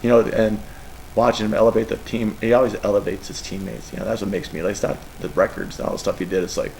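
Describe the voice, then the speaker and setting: A man's voice: lowish voice, level tone, quick pace, a little mellow, slight background noise, poor audio. A middle-aged man, a college football coach, answering press questions in an emotional, rambling way. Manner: emotional, rambling, tearful at times.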